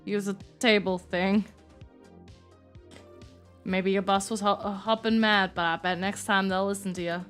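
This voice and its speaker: A woman's voice: medium pitch, fairly even intonation, unhurried, pauses often, a bit bright, soft background music, close to an everyday voice. A woman voicing a young male American cowboy, folksy and drawling, with a put-on Southern accent, reading lines from a game. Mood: easygoing.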